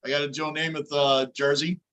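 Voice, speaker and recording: A middle-aged man with a high voice and a bright, forceful tone hosts a sports fan livestream. He talks casually and in an animated way, cheering the players and answering viewer questions as they come in. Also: a little fast. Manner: animated, chatty, reads viewer comments aloud. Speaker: livestream host. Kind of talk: casual fan reaction chat.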